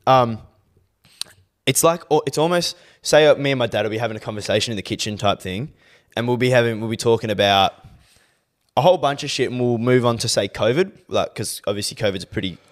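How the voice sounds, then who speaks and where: A young man co-hosting a podcast, telling stories in lively, sweary casual chat. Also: mid-range voice, a little fast. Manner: animated storytelling, swears freely. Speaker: podcast co-host.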